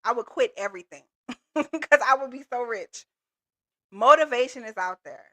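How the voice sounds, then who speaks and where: Bright, upbeat woman coach live. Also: on the high side, animated, moderate pace. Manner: upbeat, motivational, casual slangy talk. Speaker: business coach and livestream host. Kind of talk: live call-in coaching stream. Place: Texas.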